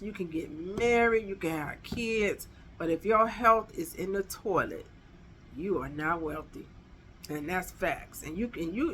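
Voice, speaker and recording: Chatty woman vlogger, bright voice. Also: lowish voice, slight background noise. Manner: chatty, emphatic, talks straight to viewers. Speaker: vlogger giving dating advice. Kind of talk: casual advice vlog.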